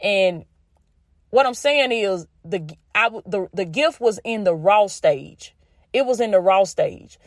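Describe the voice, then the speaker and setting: Speaking at a slightly slow pace with lively intonation, this mid-range female podcast host from the Southern United States delivers faith-based encouragement in a down-home style. She repeats phrases for emphasis and addresses her audience as "y'all" and "baby." The recording is clean studio audio without echo.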